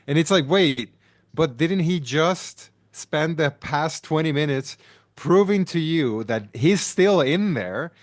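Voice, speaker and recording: A man's voice: fairly high pitch, expressive, takes it slowly, no room sound, studio quality. A man in casual podcast chat, ranting animatedly about a film and often restarting his sentences.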